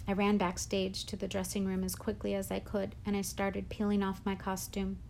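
A woman's voice: medium pitch, monotone, moderate pace, vocal fry, darkish tone, a little hiss or hum. Woman narrating a first-person novel. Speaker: audiobook narrator.

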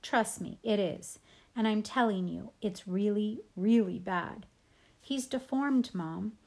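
A woman's voice: mid-range voice, slow pace, creaky, a little mellow. A woman voicing a blunt, exasperated middle-school boy in a storybook reading. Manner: exasperated, emphatic.

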